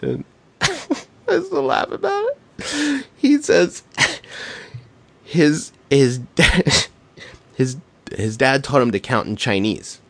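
A man's voice: medium pitch, dry recording. A middle-aged man, a podcast co-host, telling stories in a casual, profane, laughing way. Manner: animated, profane, laughing storyteller. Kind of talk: casual storytelling chat.

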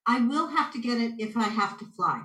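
Canadian woman chatting as a guest, bright voice a bit high, animated storyteller, echoey room. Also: brisk. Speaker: guest intuitive. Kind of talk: casual interview chat.

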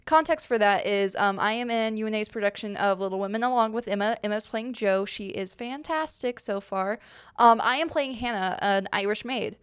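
A young woman chats casually on her podcast, answering listener questions. She rambles with plenty of fillers and little laughs, and her voice sits at an ordinary pitch. Her tone comes through clear and smooth. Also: moderate pace. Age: young adult. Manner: chatty, rambling, many fillers and giggles. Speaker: podcast host. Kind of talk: casual Q&A chat.

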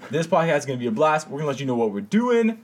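A man's voice: fairly high pitch, big pitch swings. A man co-hosting a podcast from a studio, introducing guests like a boxing announcer and rattling through the rules in casual chat. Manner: hyped boxing-announcer delivery in intros, rapid rule explanations. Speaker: podcast co-host.

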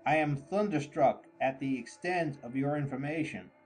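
A man voicing a fussy, kindly old gentleman who talks effusively and theatrically. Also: on the high side, moderate pace, faint music behind, lightly acted, low-quality recording.

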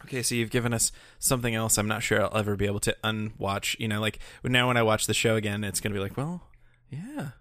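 A man's voice: on the low side, little pitch movement, fast, few pauses, fairly bright tone, dry recording, studio quality. A man co-hosting a podcast in casual chat, rambling with many fillers and restarts. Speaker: podcast co-host.

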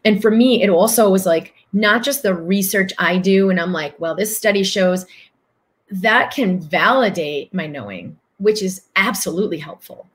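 Speaking at a normal speed with few pauses, a woman with a medium-pitched voice runs a livestream where she responds to viewers' comments as a spiritual coach. Her tone is earnest, she repeats phrases to drive points home, and she performs other people's voices in quotes.

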